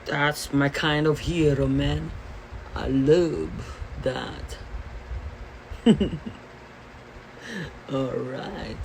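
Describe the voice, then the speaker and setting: A woman beauty vlogger reading a fairy tale while doing her makeup, with slow, chatty, exclamatory asides. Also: very deep voice, creaky, a little hiss or hum, low-quality recording.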